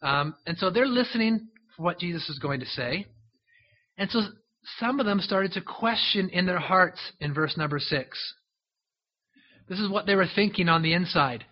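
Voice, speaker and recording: A man's voice: on the high side, lively intonation, normal speed, muffled recording. A man preaching a sermon, retelling a Bible story in a conversational way with frequent asides to his listeners.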